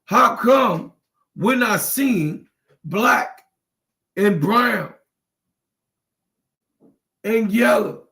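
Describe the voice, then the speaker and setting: Host, man, high voice, slow delivery, impassioned and repetitive, close to tears. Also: lively intonation, vocal fry, bright, forceful tone. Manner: preachy, repetitive, emphatic; emotional, near tears. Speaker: channel host. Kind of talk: impassioned livestream talk.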